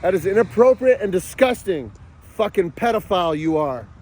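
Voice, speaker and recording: A man ranting angrily to camera, yelling and cursing in a furious outburst. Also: high voice, big pitch swings, normal speed. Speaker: father vlogging about a custody battle. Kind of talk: angry outdoor rant to camera.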